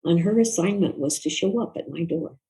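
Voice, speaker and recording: An older woman, a guest author, recalling a personal story in an interview in a reflective, soft-spoken, earnest way. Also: fairly low pitch, a little fast, rough recording.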